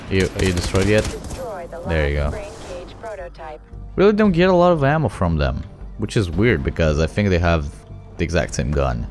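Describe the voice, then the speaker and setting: A young man giving excitable, profane let's play commentary, taunting enemies as he plays. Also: sits low. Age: young adult. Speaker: gaming channel host. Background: game music.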